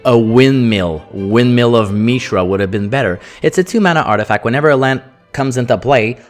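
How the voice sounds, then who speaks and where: A French-born man hosting a card review, sarcastic and jokey, rattling off card text quickly. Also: mid-range voice, faint music behind. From France. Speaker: host.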